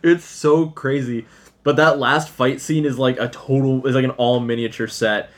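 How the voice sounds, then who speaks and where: A man's voice: mid-range voice, fairly even intonation, normal speed. A man in his thirties, a podcast co-host, rambling through a casual chat and laughing often. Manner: rambling, laughs often, does goofy voices when retelling scenes.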